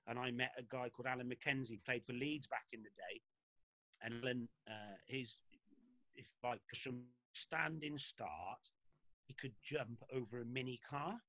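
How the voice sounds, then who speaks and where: A man, a former footballer and podcast guest, telling lively anecdotes with frequent laughs in casual talk. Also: mid-range voice, a little slow, no echo, rough recording.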